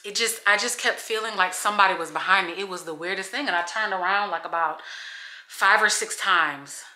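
A young woman vlogger ranting casually to her viewers at home, slangy and animated as she talks straight to camera. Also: mid-range voice, brisk. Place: home kitchen. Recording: echoey room.

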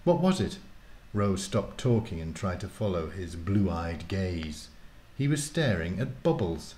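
A man, the author, introducing and reading his children's book aloud in a lively, casual way. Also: sits low, a little slow, reverberant. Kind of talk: storybook reading.

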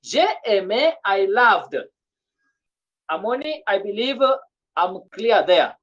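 A woman gives a French grammar lesson online, speaking slowly and in an animated way at medium pitch. She often restarts and repeats herself, and the sound comes through as dull, lo-fi video call audio.

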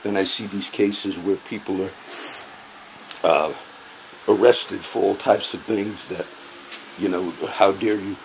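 A man with a very low voice rants in a heated, profane tirade, hammering the same points again and again. A faint air-conditioning hum sits behind him. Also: steady tone, slow pace, gravelly, pauses often, a little mellow, low-quality recording. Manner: heated, profane, repeating himself. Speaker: vlogger. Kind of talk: angry personal rant to camera.

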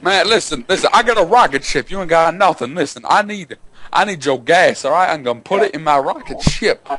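A man making a prank phone call, bragging absurdly and mock-threatening in a deliberately ridiculous way. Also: a little high, lively intonation, fairly bright tone, a little hiss or hum. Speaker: prank caller.

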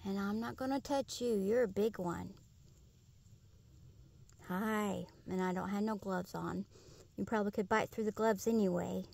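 Soft-spoken breathy woman, whispering. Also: medium pitch, a little slow, long pauses. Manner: gentle, soothing, often whispering. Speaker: pet owner filming wildlife. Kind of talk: soft coaxing talk to an animal.

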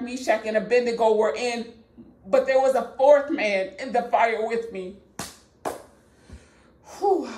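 A woman's voice: a little high, roomy sound. A woman preaching a fervent prophetic sermon, emphatic and repetitive, often laughing between points.

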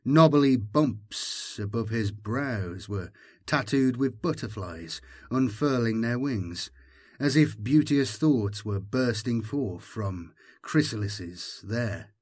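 A man narrating an audiobook in a measured, dramatic storytelling manner. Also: mid-range voice, lively intonation, breathy edge. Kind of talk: scripted narration.

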